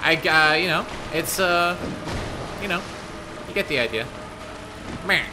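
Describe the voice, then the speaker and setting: A young man chatting to his viewers and reacting loudly while he streams a game, with frequent panicky outbursts. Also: on the high side, unhurried, over music. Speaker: gaming streamer. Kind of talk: live gameplay commentary. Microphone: desk microphone.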